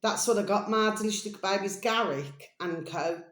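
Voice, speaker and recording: A woman's voice: mid-range voice, moderate pace, fairly bright tone. An English woman hosting her own channel, talking in a meandering, chatty monologue that keeps wandering off and coming back, with fond pet names for her listeners. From England. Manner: chatty, meandering, calls listeners "my delicious babies". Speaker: channel host. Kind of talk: rambling casual monologue. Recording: roomy echoey home room.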